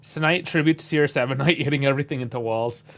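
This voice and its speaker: A man's voice: mid-range voice, fast, fairly bright tone. A man from Canada, hosting a casual live match reaction, chatty and laid-back with frequent chuckles and casual swearing. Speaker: host.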